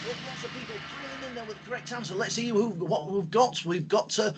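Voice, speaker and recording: Lively man teaching an online class. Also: high voice, brisk, loud music behind the voice. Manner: lively, expressive teacher talk with fillers. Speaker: host. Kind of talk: online lesson for school pupils.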